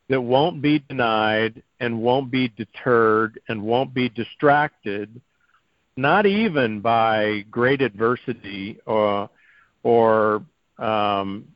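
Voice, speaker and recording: A man hosting an interview, asking questions and building long, measured points. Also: medium pitch, dry recording. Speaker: interview host. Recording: dry, muffled lo-fi audio.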